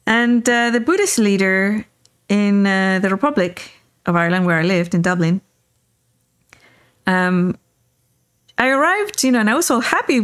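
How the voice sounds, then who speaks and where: A woman's voice: mid-range voice, normal speed, pauses often, clear, resonant tone. A woman guest telling a story in conversation, acting out the dialogue and often checking in with "right?". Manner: animated, acts out quoted dialogue, keeps asking "right?". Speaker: spiritual teacher and guest.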